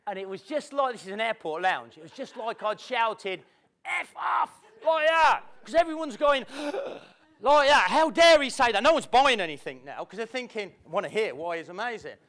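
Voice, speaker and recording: A man's voice: high-pitched, animated, a little fast, hardly any pauses, a bit bright. A man giving a motivational talk to a live audience in an event room, playful and acting out the people he quotes. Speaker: motivational speaker.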